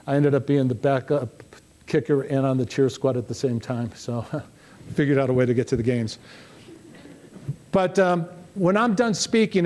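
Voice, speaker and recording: A middle-aged man delivering a motivational talk on stage, animated and story-driven. His voice sits a little higher than most men's, and he slips into quoted dialogue as he tells his stories. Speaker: motivational speaker.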